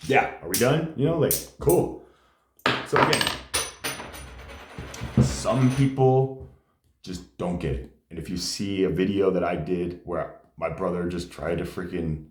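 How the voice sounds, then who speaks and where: A man's voice: deep voice, measured pace, long pauses, background noise. A man telling personal stories in casual conversation, rambling with many fillers. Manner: rambling, many fillers, acts out quoted dialogue. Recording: echoey room.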